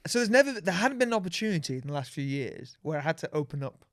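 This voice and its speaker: A man's voice: fairly high pitch, big pitch swings, fast talker, no echo, clean studio sound. A man, co-hosting a podcast in casual chat, speaking reflectively and restarting his sentences. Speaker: podcast co-host.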